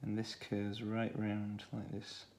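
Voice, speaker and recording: A man with a Stoke-on-Trent accent, talking through a children's drawing tutorial in a relaxed way, thinking aloud as he draws. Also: on the low side, takes it slowly. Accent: Stoke-on-Trent English. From England. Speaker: art tutor.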